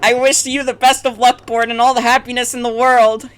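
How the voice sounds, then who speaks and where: A woman reading the lines of a gentle, devoted young female companion, soft and heartfelt. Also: a little high, level tone, fairly quick, voice pushed up, natural voice. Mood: affectionate.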